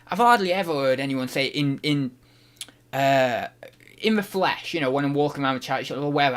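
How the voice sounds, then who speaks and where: A man's voice: a little high, a bit bright. A man from the UK hosting a casual livestream, reading out chat questions and thinking aloud, often restarting and unsure of himself.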